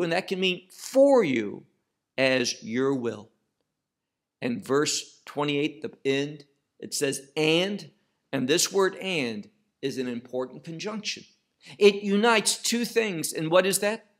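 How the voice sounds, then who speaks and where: A man teaching verse by verse through a Bible passage, slow and emphatic, asking and answering his own questions. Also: a little high, big pitch swings.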